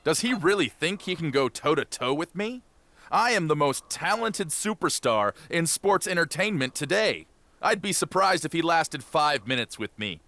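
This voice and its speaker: A man's voice: a little high, sing-song, moderate pace, pushed and bright, no room sound, full character voice. An actor voicing an arrogant male wrestler in a video game, taunting his opponent. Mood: smug. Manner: boastful, taunting.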